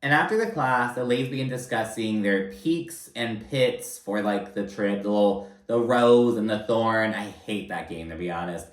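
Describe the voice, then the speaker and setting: A man's voice: fairly low pitch, normal speed, hardly any pauses, reverberant, low-quality recording. A man giving a casual recap of a reality TV episode, blunt, profane and sarcastic in his asides.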